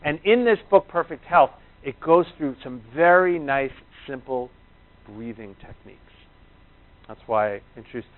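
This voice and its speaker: A man's voice: medium pitch, lively intonation, measured pace. A man, a chiropractor, giving a rambling anecdotal talk to a live audience. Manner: rambling, conversational storytelling. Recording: tinny, phone-like narrow sound.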